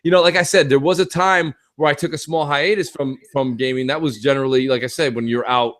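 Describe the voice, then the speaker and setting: A young American man co-hosting a casual gaming podcast, telling stories with lively acted-out quotes and plenty of swearing. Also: mid-range voice, fairly quick. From United States. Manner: animated storyteller, acts out friends' shouts, swears freely. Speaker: podcast co-host.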